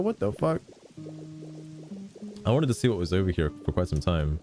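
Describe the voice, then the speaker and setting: A young man giving casual gameplay commentary as a streamer, chatty and swearing freely with quick exclamations. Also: sits low, big pitch swings, mellow, faint music behind. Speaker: vtuber streamer.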